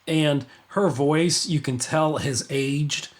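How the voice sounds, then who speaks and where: A man's voice: fairly high pitch, slow. A man hosting a casual livestream podcast, rambling with many restarts and fillers. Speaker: podcast host.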